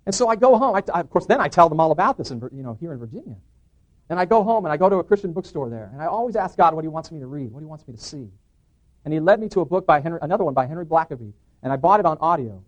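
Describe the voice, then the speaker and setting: A middle-aged man giving an animated testimony in church, acting out dialogue and restarting his sentences. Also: fairly high pitch, very fast. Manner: excited, acts out dialogue, frequent restarts. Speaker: guest speaker giving testimony.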